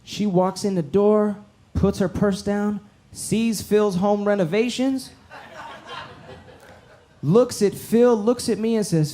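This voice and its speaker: A man doing stand-up comedy on a club stage, telling an animated, profane story into a handheld mic. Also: high-pitched, slow pace, long pauses, a little hiss or hum. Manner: animated, profane, punchline-driven.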